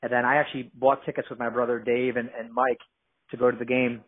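A man from New Jersey chats casually as a guest, rambling along with fillers and false starts. His voice is husky and mid-pitched. The sound comes through thin and narrow, like a phone line. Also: little pitch movement, fast talker. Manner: rambling, with many fillers and restarts. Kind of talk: casual podcast chat.

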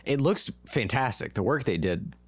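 A man's voice: medium pitch, animated, normal speed, breathy edge, dry recording. A man co-hosting a casual podcast chat, talkative, laughing often and correcting himself as he goes. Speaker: podcast co-host.

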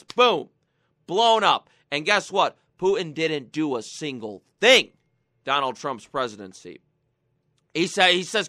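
A man's voice: fairly high pitch, bright, forceful tone, dry recording, clean studio sound. A man hosting a political talk show, ranting sarcastically and mocking his targets. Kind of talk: political commentary.

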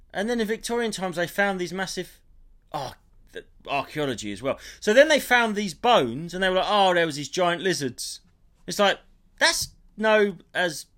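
Animated man chatting. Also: high voice. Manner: animated, rambling, playful conspiracy musing. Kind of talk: casual chat.

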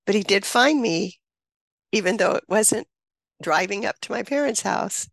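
A woman's voice: medium pitch, moderate pace, gravelly, dry recording. A woman in her seventies, a guest on an interview show, telling a personal story with emotion and frequent laughter. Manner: animated, laughs often, acts out quoted voices.

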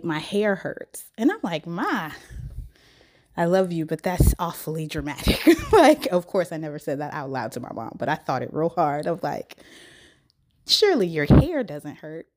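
Young woman, podcast host, under the weather with a scratchy throat, lower voice, playful and chatty. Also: mellow. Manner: chatty, laughs often, playful asides. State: sick with a cold, scratchy throat. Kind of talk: casual solo podcast talk.

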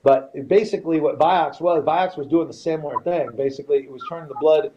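A man's voice: a little high, a little fast, mellow, highs cut off, a little hiss or hum. A man, a retired fighter, is a podcast guest telling a story casually in blunt, profane language and often repeats himself.

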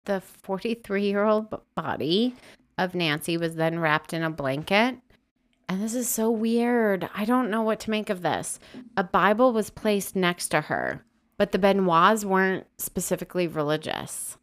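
A woman's voice: medium pitch, unhurried. A woman co-hosting a podcast, narrating from her notes with dry asides to her co-host. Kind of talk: true crime podcast narration and chat.

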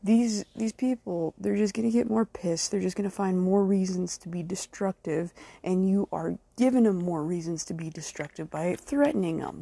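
A woman's voice: on the low side, steady tone, moderate pace, vocal fry, hardly any pauses, mellow, husky, no echo. A woman hosting her own podcast, delivering a blunt, angry and heavily profane solo rant aimed straight at her critics. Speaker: podcast host.

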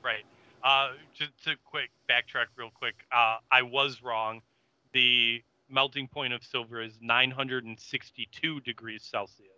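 A man's voice: medium pitch, flat delivery, sharp tone, smooth, no echo, lo-fi sound. A man co-hosting a casual podcast, speaking in stops and restarts. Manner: halting, restarts and fillers. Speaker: podcast co-host. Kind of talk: casual chat.

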